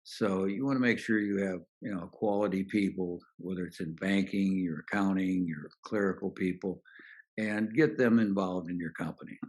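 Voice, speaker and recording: Older man, very deep voice, podcast guest, anecdotal storytelling, relaxed, acts out quotes. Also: moderate pace. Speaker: podcast guest, business author. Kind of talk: storytelling interview answers.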